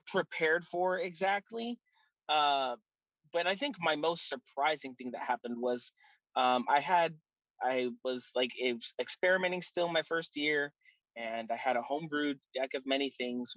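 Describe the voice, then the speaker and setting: A man's voice: a little high, dry recording, lo-fi sound. A man, a dungeon master, telling a funny table story in casual chat. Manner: animated, laughing, with restarts.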